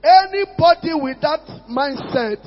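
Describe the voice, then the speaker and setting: A man's voice: very high-pitched, animated, unhurried, slight background noise. A man preaching a sermon as pastor, calling out to his congregation and asking them for responses. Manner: preaching with call-outs to the congregation. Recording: muffled lo-fi recording in a reverberant hall.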